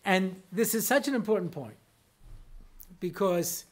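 A rabbi with a high, expressive voice gives a humorous, chatty lecture full of stories. He jokes, mimics people in quick exchanges, and frequently asks his listeners whether they follow.

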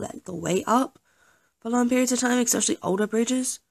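A woman's voice: on the high side, a little fast, vocal fry. A young woman chatting casually over gameplay, often apologizing and joking about herself. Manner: self-deprecating, apologetic, chatty. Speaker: gaming YouTuber.

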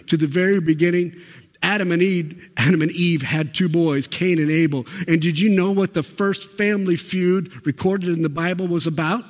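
Emphatic high-voiced preacher in a reverberant hall. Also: male voice. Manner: emphatic, rhetorical questions to the congregation. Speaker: pastor. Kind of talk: sermon. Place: church sanctuary.

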